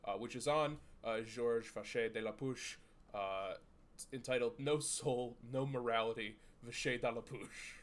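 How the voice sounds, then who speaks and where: Male co-host, mid-pitched, loose and jokey, hesitant fillers. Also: measured pace. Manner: laughing, full of fillers, crude jokes. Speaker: podcast co-host. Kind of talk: casual podcast chat.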